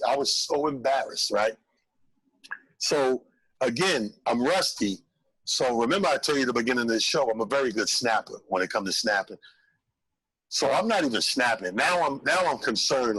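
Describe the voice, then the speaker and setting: A man, a comedian telling an animated story on a call-in show, acting out voices. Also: medium pitch, normal speed, husky, no echo, low-quality recording. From Brooklyn, New York. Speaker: comedian guest.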